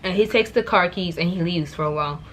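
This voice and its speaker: Animated young New woman telling a story. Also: fairly low pitch, fast, slight background noise. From New York. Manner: animated, exasperated, repeats words for emphasis. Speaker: vlogger. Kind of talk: casual storytime.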